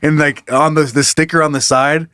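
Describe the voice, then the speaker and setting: A man's voice: on the high side, little pitch movement, moderate pace, sharp tone, clear, resonant tone, no echo, studio quality. A man co-hosting a comedy podcast, joking loosely, laughing often and swearing freely. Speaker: podcast co-host. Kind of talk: casual comedic banter.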